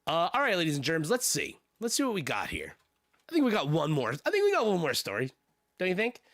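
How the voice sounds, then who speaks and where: Gravelly, sardonic male streamer. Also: on the high side, wildly swooping pitch, fairly quick, fairly bright tone, no echo. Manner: sardonic, cursing, laughing asides. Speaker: streamer reading news. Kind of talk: casual commentary while reading news aloud.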